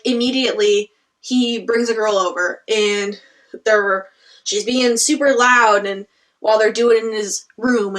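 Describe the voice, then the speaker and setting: A young woman reviewing a book in casual chat, retelling scenes in an animated, exasperated way with lots of "like". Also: a little high, recorded from a distance.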